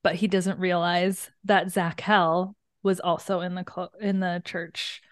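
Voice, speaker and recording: Woman, casual book chat, slow and unhurried, lowish voice, dry sound. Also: no room sound. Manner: relaxed, acts out characters' lines. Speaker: book discussion co-host. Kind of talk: casual chat recapping a novel.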